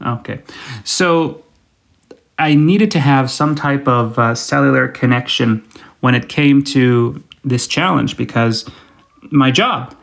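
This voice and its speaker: A man's voice: mid-range voice, slow, gravelly. A man hosting his own podcast alone, talking casually in a rambling, self-deprecating way, with many fillers and restarts. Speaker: podcast host. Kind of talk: casual solo podcast monologue.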